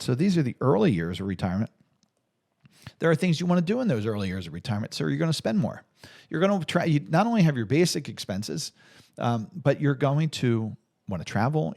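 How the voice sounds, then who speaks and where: A middle-aged man, a financial planner, explaining things in an unscripted, conversational way, with frequent restarts and fillers. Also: a little mellow. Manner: conversational, many restarts and fillers, pitch rising on emphasis. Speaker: financial planner hosting an advice video.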